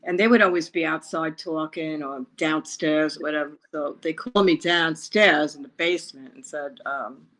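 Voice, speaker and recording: A woman from Long Island, New York, recounting her past in an interview, with a halting, rambling, emotional way of telling it. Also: low voice, a bit bright, low-quality recording. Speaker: interview guest. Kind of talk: personal storytelling interview.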